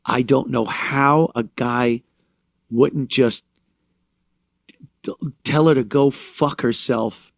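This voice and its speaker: A man's voice: medium pitch, steady tone, takes it slowly, creaky, pauses often, no echo, studio quality. A man hosting a talk show, ranting sarcastically with mocking, profane commentary. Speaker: show host.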